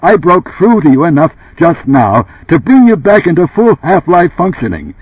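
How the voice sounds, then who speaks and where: A frantic, indignant boss, voiced by a male audiobook reader who pleads in loud, raised bursts. His voice is husky and swings widely in pitch. The sound is dry and thin, like a phone line. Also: sing-song, unhurried, dry recording. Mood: insistent. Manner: heated, pleading outbursts. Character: agitated, indignant middle-aged male boss.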